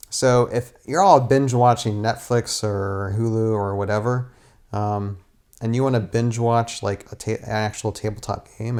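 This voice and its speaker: A stop-motion animator, appearing as a guest, chats casually while sitting on a futon indoors. His mid-range voice is a little mellow, and he rambles with plenty of restarts and small rants.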